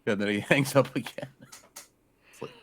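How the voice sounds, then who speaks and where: A man's voice: medium pitch, normal speed, fairly bright tone, slight background noise. A man co-hosting a casual podcast, joking around and sniffling now and then. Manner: joking, laughing, coughing and sniffling. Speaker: podcast co-host. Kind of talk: casual chat.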